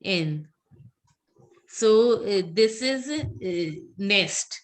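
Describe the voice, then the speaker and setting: A woman's voice: mid-range voice, animated, drawn-out words. A woman teaching French pronunciation in a live class, patiently repeating words for students to echo and calling on them by name. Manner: calls on students by name and praises.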